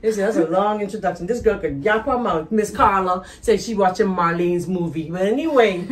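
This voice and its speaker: A Bahamian woman hosting a cooking show from her kitchen, chatting in a bubbly, teasing way. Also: medium pitch. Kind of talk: lively cooking show chat. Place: home kitchen.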